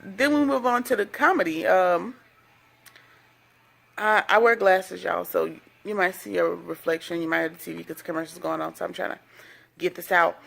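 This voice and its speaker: A woman's voice: fairly low pitch, normal speed, creaky, a bit bright. A woman chatting casually as she recaps a reality TV episode, full of sassy, gossipy asides.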